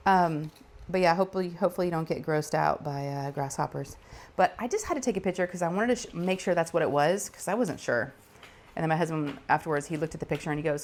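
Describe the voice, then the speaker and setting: A middle-aged woman chats casually at her craft table, telling a story in an animated way and acting out the people in it. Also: deep voice, quick pace. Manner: animated, laughing, acts out quoted voices. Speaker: diamond painting channel host.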